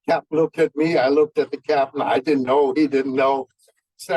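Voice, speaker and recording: A man in his nineties, a veteran, tells war stories in a folksy way and often pauses on fillers. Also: medium pitch, a little mellow, slightly rough, no echo, rough recording. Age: 90s. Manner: folksy, halting with many fillers. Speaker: veteran speaker. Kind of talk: anecdotal war storytelling.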